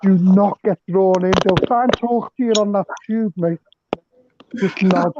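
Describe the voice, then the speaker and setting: High-pitched guy from liverpool cracking jokes on a call-in, dull muffled line. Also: measured pace, noisy background. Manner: joking storyteller. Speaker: caller. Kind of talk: casual chat.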